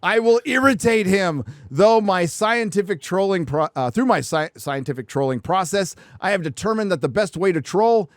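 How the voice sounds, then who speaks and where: Male host, slightly high voice, swears freely, trolls his guests. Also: expressive, normal speed, hardly any pauses, dry recording, studio quality. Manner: crude, profane and playfully trolling. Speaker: livestream show host reading viewer donations. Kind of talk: casual panel chat.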